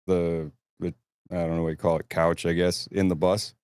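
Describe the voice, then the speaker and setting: Low-voiced man telling rambling tour stories. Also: little pitch movement, normal speed, a little mellow, smooth, dry recording, clean studio sound. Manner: rambling storyteller, swears freely. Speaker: touring band crew member. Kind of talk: casual podcast chat.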